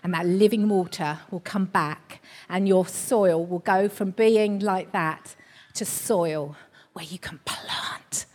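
A middle-aged woman preaching a sermon, telling stories in a conversational way and building to emphatic high points. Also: slow, a little mellow. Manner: conversational storytelling with rising emphasis. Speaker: church preacher.

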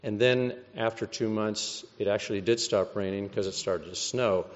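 A man's voice: lowish voice, moderate pace, big-room sound, highs cut off. An American man giving a wry, conversational testimony, acting out the voices he quotes. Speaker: speaker giving a personal testimony. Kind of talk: storytelling testimony.

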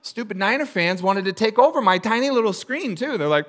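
A man preaching a sermon as a pastor, telling stories in an animated way and acting out the voices of a crowd. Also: high-pitched, brisk.

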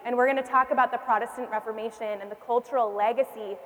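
High-voiced woman teaching a class. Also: steady tone, quick pace, fairly bright tone. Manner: engaging, asks the class questions and repeats their answers. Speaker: church history teacher. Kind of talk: classroom lecture. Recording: long reverb in a hall.

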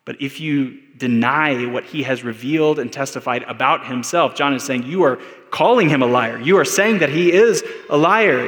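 A man's voice: fairly high pitch, a bit bright. A man with an American accent preaching a sermon as pastor, earnest and building to emphatic peaks. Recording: long hall reverb.

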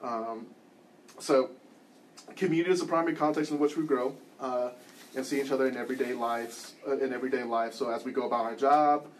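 A man's voice: mid-range voice, fairly quick, slight background noise. A man teaching a church class, leading a group, telling a personal story with wry self-deprecating humor in a loose, conversational way. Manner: loose and conversational, frequent ums and restarts.

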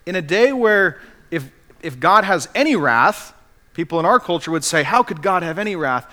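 A man's voice: fairly high pitch, expressive, normal speed, sharp tone. A man preaching a sermon as pastor, earnestly acting out the quotes he cites.

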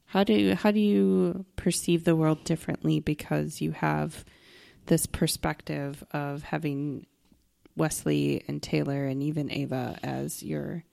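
A middle-aged mother calmly interviewing her daughter with deliberate questions. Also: low voice, creaky, no echo, studio quality. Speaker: parent interviewer.

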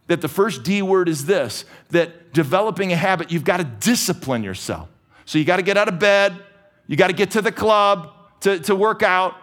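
A middle-aged man preaching a sermon from a church stage, talking energetically and conversationally with quick restarts. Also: high-pitched, expressive, a bit bright. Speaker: pastor.

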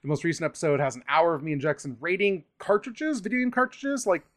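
A man's voice: on the high side, very animated, fast talker, fairly bright tone. A man hosting a podcast in a casual, swearing manner, running the outro and plugs. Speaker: podcast host.

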